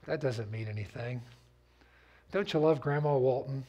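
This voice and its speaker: A man's voice: mid-range voice, normal speed, pauses often, dark tone. A man preaching a sermon as pastor, telling stories in a conversational way and asking the congregation to repeat after him. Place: church sanctuary.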